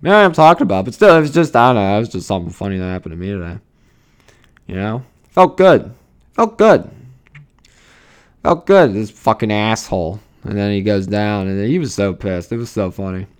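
A man's voice: sits low, clean tone. A young man, ranting casually and profanely, full of fillers and rambling asides. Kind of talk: casual rant.

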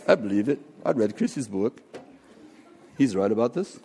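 Animated guy preaching and praying, does little voices, big echoey hall. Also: lowish voice, moderate pace, a little hiss or hum. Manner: animated, acts out quoted voices, jokes about accents. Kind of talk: sermon with prayer. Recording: long hall reverb.

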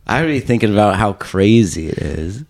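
A young male podcast co-host speaks in a very deep, low voice. He chats casually and drops dry, wry remarks into the conversation. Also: lively intonation, fairly quick, vocal fry, darkish tone. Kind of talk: casual chat.

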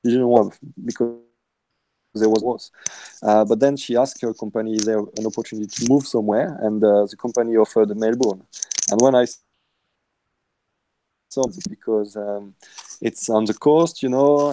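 French-accented man, soft and low. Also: fairly even intonation, rough recording. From France. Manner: halting, searching for English words. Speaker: guest. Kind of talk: casual interview.

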